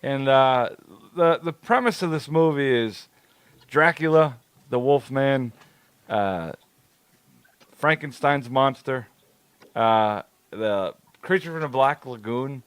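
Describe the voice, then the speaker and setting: A man's voice: mid-range voice, lively intonation, takes it slowly, long pauses, clear, resonant tone, no room sound. A man in his thirties co-hosting a podcast in casual chat, rambling, swearing freely and laughing often. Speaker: podcast co-host.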